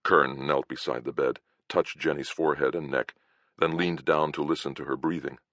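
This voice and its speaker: A man's voice: extremely low pitch, fairly even intonation, moderate pace, a bit bright, no room sound. A man reading a fantasy detective novel aloud in a dry, wry first-person narration. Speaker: audiobook narrator.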